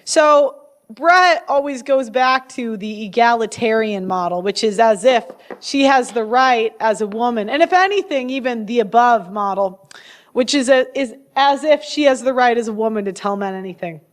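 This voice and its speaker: A woman's voice: fairly high pitch, lively intonation, moderate pace. A young adult woman hosting her own show, giving blunt opinionated commentary in a casual way, often laughing and restarting her sentences. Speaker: host.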